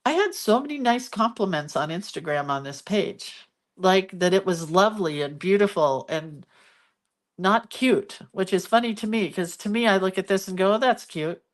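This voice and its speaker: A woman hosts a casual live drawing tutorial from her craft desk, filmed on a phone camera, chatting and thinking aloud as she doodles. Her medium-pitched voice has lively intonation and a normal pace.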